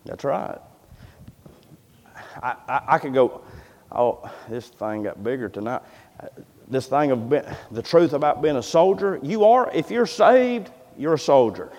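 A man preaching a sermon in a church, fervent and emphatic, swinging between loud cries and quiet asides, repeating words as he builds. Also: medium pitch, expressive, unhurried, long pauses, highs cut off. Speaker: pastor. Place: church sanctuary. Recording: echoey church hall sound.

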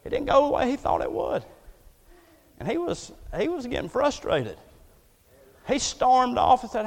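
Male pastor, very high voice, folksy and joking, builds to booming emphasis; long church-hall reverb. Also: huge pitch swings, takes it slowly, gravelly, pauses often. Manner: folksy, joking preaching that swells to loud emphatic declaration. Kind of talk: sermon. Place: church sanctuary.

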